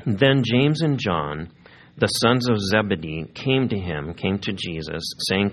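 A pastor delivers a sermon in an easygoing, conversational way. His voice sits a bit low for a man. He often turns to his listeners with questions. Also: animated, moderate pace, a bit bright. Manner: conversational, asks the congregation questions.

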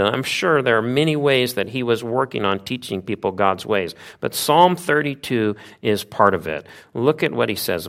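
A man preaching a sermon, retelling a Bible story with lively asides and rhetorical questions. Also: medium pitch.

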